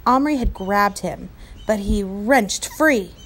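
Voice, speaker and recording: A woman teacher reading a novel aloud to her class, clear and expressive. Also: medium pitch, slow pace.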